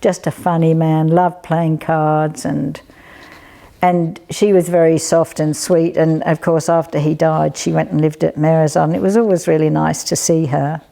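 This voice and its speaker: An older woman reminisces in an easy, rambling way, with plenty of fillers as she talks. Her voice sits low and carries a gravelly fry. The tone is mellow and dark rather than bright. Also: flat delivery, unhurried. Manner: rambling, chatty, with frequent fillers. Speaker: storyteller. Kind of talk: casual spoken reminiscence.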